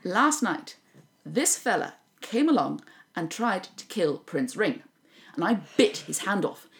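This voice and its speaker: A woman's voice: fairly low pitch, big pitch swings, unhurried, vocal fry, full character voice. Snatch, a woman doing a clever talking dog. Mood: proud. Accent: Irish. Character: clever talking dog, a cursed young prince.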